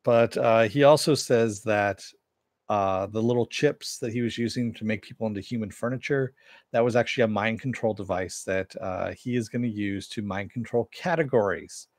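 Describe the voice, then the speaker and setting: A man's voice: lowish voice, normal speed, no echo, studio quality. A man giving a loose, rambling recap of a TV episode, with many fillers and asides. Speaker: TV episode reviewer.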